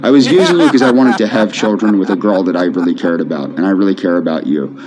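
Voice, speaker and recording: A man speaking softly to camera in a pleading, repetitive, emotionally flat way. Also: low voice, fast talker, a little hiss or hum. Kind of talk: pleading video monologue. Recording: dull lo-fi video audio.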